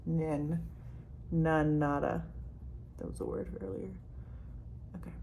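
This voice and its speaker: A young woman talks her way through a makeup tutorial, loose and chatty, stringing thoughts together with plenty of "like" and casual swearing. Her voice has a strong creaky fry, and now and then she sinks into a soft near-whisper. A faint hiss sits under the recording. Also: low voice, fairly even intonation, takes it slowly. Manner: rambling, filler-heavy, frequent "like", swears casually. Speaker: vlogger.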